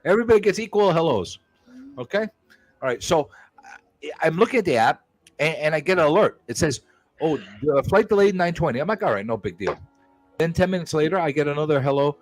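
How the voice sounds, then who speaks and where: A man's voice: on the high side, animated, fairly quick, no room sound. A man hosting a live stream, telling an exasperated, profane story in casual chat.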